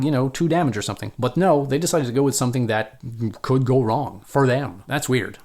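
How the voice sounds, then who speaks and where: A man's voice: medium pitch, fast, hardly any pauses, darkish tone. Chatty man narrating a solo board game. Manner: thinks aloud, counts moves, chatty asides to viewers. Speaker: solo board game player and channel host. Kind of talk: casual playthrough commentary, reading game text aloud.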